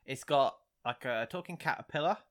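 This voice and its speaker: A man's voice: medium pitch, moderate pace. A man co-hosting a casual podcast chat, reminiscing in a wry way. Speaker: podcast co-host.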